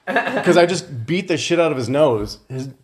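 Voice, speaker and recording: A man's voice: fairly high pitch, expressive, normal speed, crowd noise. A man on a casual podcast telling a fight story with lots of swearing and laughter. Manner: profane storytelling, laughing through anecdotes. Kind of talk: casual chat.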